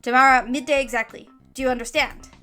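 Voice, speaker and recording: Woman putting on a gruff old master with a thick accent. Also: high-pitched, steady tone, fast, sharp tone, soft background music. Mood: gruff, blunt. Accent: heavy foreign accent, put on. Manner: broken clipped speech, blunt. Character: gruff heavy-set old male snowflake master.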